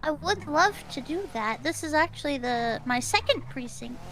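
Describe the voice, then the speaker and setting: A woman from Canada plays a fellow officer in an online game roleplay. Her voice sits high, and she delivers her jokes flat and deadpan. A faint hiss runs under her voice. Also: normal speed.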